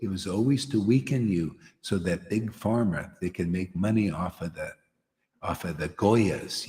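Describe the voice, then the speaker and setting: A man's voice: on the low side, warm tone. A man preaching informally to a devotional gathering, rambling and peppering his talk with "you know" and "man". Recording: echoey hall with long reverb.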